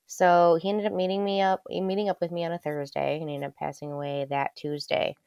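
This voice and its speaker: A woman's voice: lowish voice, flat delivery, a little fast, gravelly, darkish tone, clean tone, dry recording, clean studio sound. A woman telling a personal story in casual conversation, candid and loose, swearing freely with lots of ums. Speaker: guest.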